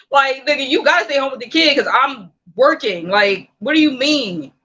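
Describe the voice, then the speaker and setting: A podcast co-host in casual chat, frank and opinionated, chiming in with quick agreement. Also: high voice, animated, bright, forceful tone, dull audio.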